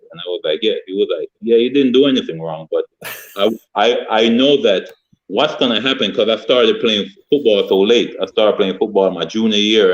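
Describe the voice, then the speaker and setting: A former football player, a man, telling a story in casual podcast chat and acting out a yelling coach. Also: on the low side, dull audio. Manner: animated storyteller, acts out his coach's yelling.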